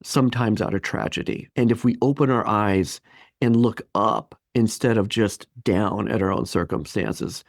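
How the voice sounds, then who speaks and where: A man in his fifties telling a personal story as a podcast guest, lively and acting out the voices of people he quotes. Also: fairly low pitch, normal speed, dry recording, studio quality. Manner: animated, acts out quoted voices. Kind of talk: storytelling interview.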